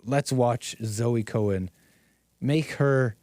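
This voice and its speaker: A man's voice: mid-range voice, slow pace, a little mellow, dry recording, clean studio sound. A man hosting a stream, giving sarcastic, rambling commentary on news clips. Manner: mocking, rambling, incredulous.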